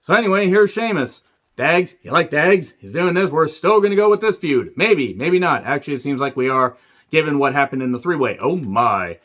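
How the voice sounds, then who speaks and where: A man's voice: a little high, expressive, moderate pace, fairly bright tone, highs cut off. Sarcastic swearing man ranting. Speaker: wrestling show reviewer. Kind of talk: solo review rant.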